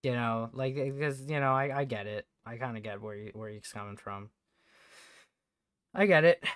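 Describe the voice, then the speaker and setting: A man streaming from home, chatting casually in a rambling, halting way, swearing often. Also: mid-range voice, clear, resonant tone, no echo, clean studio sound. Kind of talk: casual livestream chat.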